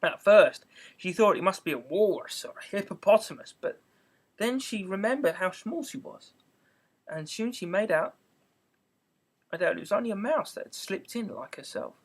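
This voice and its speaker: A man with a high voice reads a storybook aloud. He narrates at an even storytelling pace, now and then tripping over a word and correcting himself. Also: moderate pace. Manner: steady storytelling with small stumbles. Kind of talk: amateur audiobook reading.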